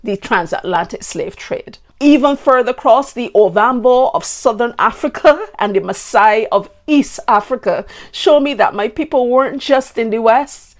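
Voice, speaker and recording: A woman from Barbados with a Bajan accent, hosting a podcast and sharing her ancestry in an emotional, heartfelt way. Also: a little high. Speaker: podcast host. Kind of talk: personal heritage talk.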